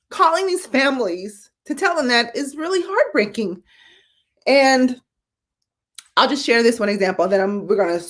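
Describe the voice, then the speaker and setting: A woman in her forties, a veteran nurse hosting a live-streamed talk show, speaking casually and growing emotional as she tells hospital stories. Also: medium pitch. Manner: casual, addresses viewers as y'all.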